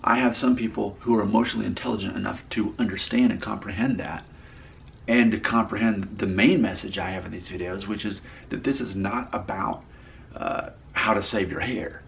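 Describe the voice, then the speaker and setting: A man in his late thirties, a casual vlogger who reads his viewers' comments aloud and answers them drily. His voice sits low with a gravelly edge. He talks on and on, often going back over and restarting his phrases. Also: fairly even intonation, a little fast, a bit bright, a little hiss or hum. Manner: talkative, repeats and restarts phrases. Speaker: YouTube creator.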